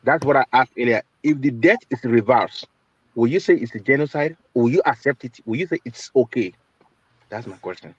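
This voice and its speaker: A man's voice: mid-range voice, animated, a little fast, husky, dry recording. Pressing man on dull lo-fi call. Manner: pressing, repeats his question. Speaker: questioner in panel. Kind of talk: online panel debate. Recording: dull lo-fi online call audio.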